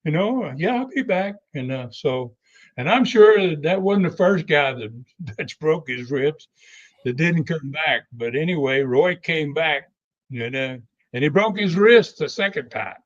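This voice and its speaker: An older man and guest telling a long anecdotal story, unhurried and full of fillers and restarts. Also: a little high, expressive, dull audio. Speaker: wrestling legend guest.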